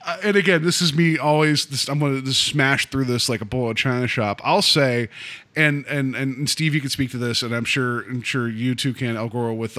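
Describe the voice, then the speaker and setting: A man co-hosting a podcast, talking about films in a loose, rambling way, with many restarts, acting out quoted lines. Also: bright, forceful tone. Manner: acts out quoted lines with raised pitch. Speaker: podcast co-host. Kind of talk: casual film discussion.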